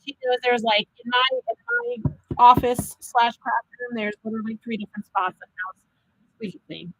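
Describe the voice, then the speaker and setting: A woman hosting a live card-making demo, chatting with viewers and talking them through each step as an animated storyteller. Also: fairly high pitch, normal speed, breathy edge, no room sound, rough recording. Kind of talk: live crafting demo chat.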